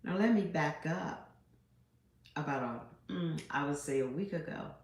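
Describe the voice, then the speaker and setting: A middle-aged woman hosting her own spiritual channel, speaking in a slow, reflective, meditative monologue full of pauses. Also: sits low, a little mellow, roomy sound, highs cut off.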